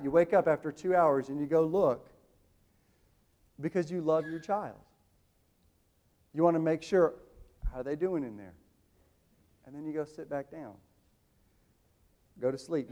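A pastor in his thirties preaches a sermon, booming slowly on quoted lines and dropping to a quick hush for his asides.

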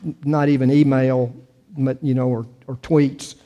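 A man's voice: medium pitch, level tone, unhurried, dark tone, dull audio. An older man preaching a sermon in a conversational way, full of rhetorical questions and restarts. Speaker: pastor.

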